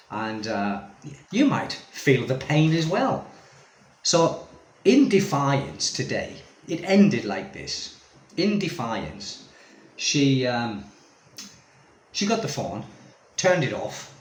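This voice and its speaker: Exasperated man ranting in echoey room. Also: medium pitch. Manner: rambling, exasperated, full of tag questions. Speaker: expat vlogger. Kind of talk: casual ranting monologue to camera.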